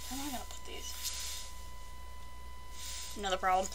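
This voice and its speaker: A woman's voice: mid-range voice, moderate pace, low-quality recording. A young woman chatting casually through a toy unboxing, rambling and exasperated in her asides.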